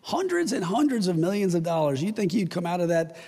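A man pastor delivers a sermon in a church sanctuary, with a gravelly, husky voice pitched a little high. He tells the story with lively asides, and his voice rings out with a long hall reverb. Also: fairly quick. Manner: storytelling, acts out characters with playful asides.

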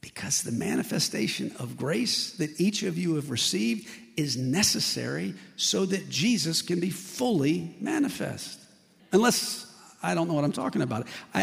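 A middle-aged man preaches in a church with a gravelly, slightly high voice. He tells lively stories and acts out the voices of the people in them. His words ring out with a long hall reverb. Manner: animated storyteller, acts out quoted voices. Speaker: pastor. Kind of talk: sermon.

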